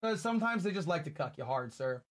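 A man in his late twenties, chatting casually and profanely with his live-stream audience while he plays a game, loud one moment and soft and thankful the next. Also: on the high side, quick pace. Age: late 20s. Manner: excitable and profane, swinging between loud outbursts and soft thanks.

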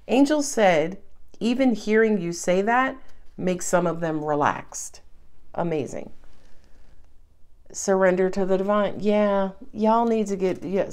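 A woman giving a casual tarot reading in a lively, chatty, playful way. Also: fairly low pitch, smooth. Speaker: tarot reader.

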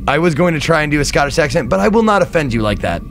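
A man's voice: on the high side, sing-song, very fast, background noise. A man streaming a game live, rambling and chatty, thanking viewers and swearing freely. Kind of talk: casual live-stream chat.

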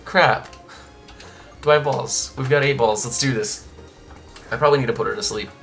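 A young man talks his way through a video game in a bright, forceful voice, rambling from one aside to the next and often restarting his sentences. His pitch sits in a middle range for a man. Faint game music plays behind him. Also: fast talker, creaky. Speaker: Let's Play host. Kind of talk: casual gameplay commentary.

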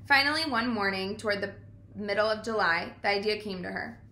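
A woman reads a children's book aloud in a calm, measured way. Her voice is bright and clear. The recording has the echo of a reflective room. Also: medium pitch. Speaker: reader.

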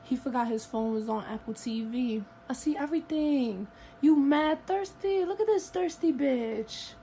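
A woman needles her partner in a comedy skit, her voice sitting very high. Her tone is mocking and taunting. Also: animated, a little slow, warm tone, slight background noise.

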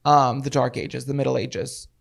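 A man co-hosting a podcast in casual chat, playful and dramatic with quick rambling asides, mouth a bit dry. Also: medium pitch, flat delivery, gravelly. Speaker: podcast co-host.

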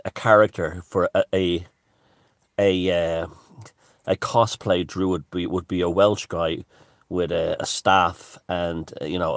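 In studio-quality audio without echo, a man with a low-pitched voice rambles to his viewers. The vlogger's casual to-camera talk is jokey and littered with fillers and restarts.

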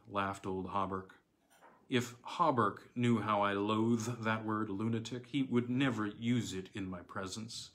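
A man reads a classic tale aloud as an audiobook narrator. His voice sits on the low side, and he keeps a measured, deliberate pace through the narration. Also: steady tone, fairly bright tone. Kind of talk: scripted narration of a classic story.

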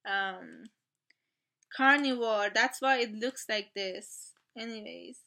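A woman vlogging an album unboxing, gasping and gushing with excitement as she talks her way through it. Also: fairly high pitch, takes it slowly, gravelly. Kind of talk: casual unboxing chat.

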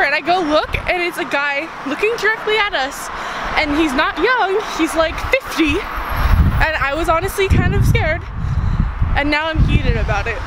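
A woman's voice: sits high, heavy background noise. A teenage girl vlogging casually on a walk, talking dramatically and teasing a friend. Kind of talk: casual vlog chat. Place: outdoors on a street. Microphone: handheld camera.

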